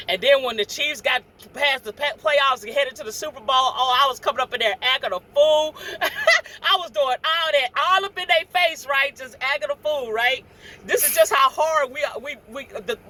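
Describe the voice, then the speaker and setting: A middle-aged woman truck driver telling a story casually, animated and chatty, acting out what people said. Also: high voice. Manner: chatty, animated, acts out quoted dialogue.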